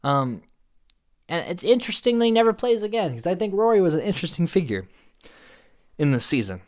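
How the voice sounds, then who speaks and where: A man giving a casual, opinionated recap commentary, animated and swearing, with many fillers. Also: sits high, a little fast.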